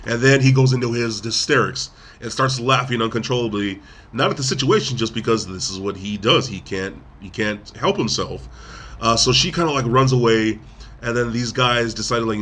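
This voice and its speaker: A man's voice: fairly low pitch, normal speed, fairly bright tone, a little hiss or hum. A man co-hosting a podcast, casually retelling a film's plot with lots of fillers and restarts. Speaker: podcast co-host. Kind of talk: casual film review chat.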